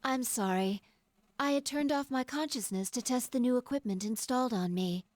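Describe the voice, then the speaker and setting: A woman voicing a calm, formal female combat android who speaks politely and precisely. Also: on the high side, moderate pace, voice pushed up, lightly acted. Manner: polite, precise, softly spoken. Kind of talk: reading a game story aloud.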